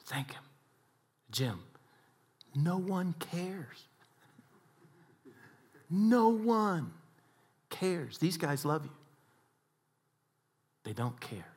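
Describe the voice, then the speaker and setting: A man giving an inspirational talk, telling stories in an animated way that swings between hushed and loud. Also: fairly low pitch. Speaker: speaker.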